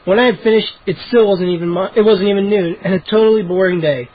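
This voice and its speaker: A man with a high, husky voice reads a children's chapter book as a cold read, stumbling and restarting now and then. The recording sounds muffled and lo-fi. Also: fast, no room sound. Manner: reads with occasional slips and restarts. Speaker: audiobook reader. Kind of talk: cold-read storybook narration.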